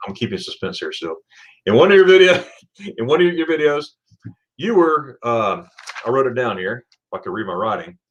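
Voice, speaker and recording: A man's voice: mid-range voice, very animated, normal speed, highs cut off. A man hosting a casual livestream, chatting with a guest and reading viewer comments aloud, with frequent restarts. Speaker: livestream host.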